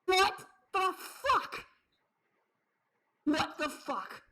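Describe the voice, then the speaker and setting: A woman streamer reacting to a fan game, loud and swearing, swinging between shouting and near tears. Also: extremely high pitch, very animated, extremely slow. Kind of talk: emotional reaction commentary.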